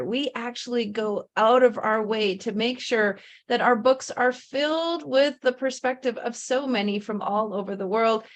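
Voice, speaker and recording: A woman's voice: high-pitched, fairly bright tone. A woman hosting an online author event, enthusiastic and gushing as she introduces guests over a video call. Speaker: host. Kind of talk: upbeat livestream hosting.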